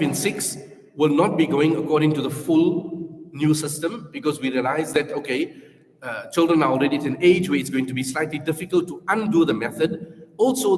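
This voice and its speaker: A man with a South African accent presenting a school Quran programme to parents, talking earnestly through numbered points and modelling recitation aloud. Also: a little high. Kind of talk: information session talk to parents. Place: school hall. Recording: echoey hall reverb.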